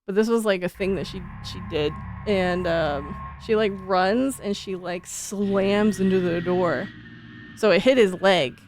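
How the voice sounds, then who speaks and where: A woman streamer telling stories in casual, animated chat, full of fillers like "like". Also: mid-range voice, unhurried, background noise. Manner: animated, chatty, many fillers like "like". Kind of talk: casual live-stream storytelling.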